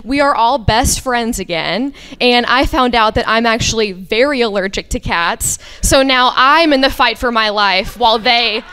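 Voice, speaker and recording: A young woman tells a funny personal story on a live story slam stage. Her delivery is rambling, full of fillers and swearing. Her voice sits a little high and comes through clear and smooth. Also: normal speed, hardly any pauses, bright, forceful tone. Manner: rambling, profane, comic, lots of "like".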